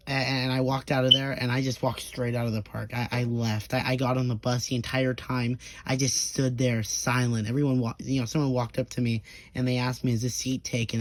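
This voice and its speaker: In a dry recording, a young man talks fairly fast at a medium pitch with a flat delivery. His casual storytime monologue is a rambling, profane tale full of stammers and restarts, and he acts out quoted people in quick bursts.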